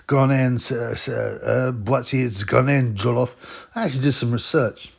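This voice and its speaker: Guy, gravelly voice, mid-pitched, rambling blunt boxing commentary, mocking asides. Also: moderate pace, darkish tone. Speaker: boxing vlogger. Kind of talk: casual commentary.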